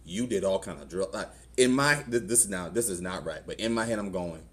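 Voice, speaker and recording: Deep-voiced Southern pastor telling a story. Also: male voice, expressive, brisk. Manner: conversational storytelling, acts out quoted voices. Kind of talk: testimony sermon. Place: church.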